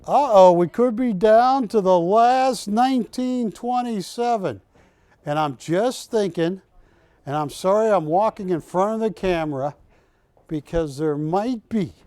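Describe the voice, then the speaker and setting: High-voiced older man selling on air. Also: a little slow, clean tone, no echo. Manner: energetic, joking, urging callers. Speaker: shopping channel host. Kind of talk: live TV sales pitch. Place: TV studio.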